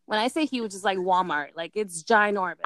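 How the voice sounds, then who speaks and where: A young woman telling a story in casual chat, animated, swearing and mocking herself. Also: medium pitch, a little fast, no room sound, low-quality recording.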